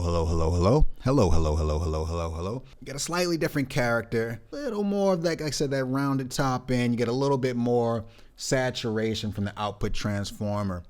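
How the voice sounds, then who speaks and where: A man with a slightly low voice talks through studio gear in a casual, enthusiastic way, often repeating his praise. He's in his home recording studio, speaking into a large condenser mic on the desk. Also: clean tone. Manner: relaxed, enthusiastic, repeats phrases. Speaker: host.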